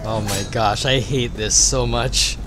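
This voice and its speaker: A young man hosting a gaming video, joking, swearing and getting excitable while he plays with a friend. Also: on the low side, slow pace, background noise. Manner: loud, jokey, excitable, swears. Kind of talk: casual gameplay banter.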